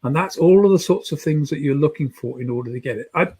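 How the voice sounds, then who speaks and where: Husky public speaking coach. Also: male voice, a little high, fast. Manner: animated, emphatic, trained-actor delivery with frequent restarts. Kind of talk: live video talk on presentation skills.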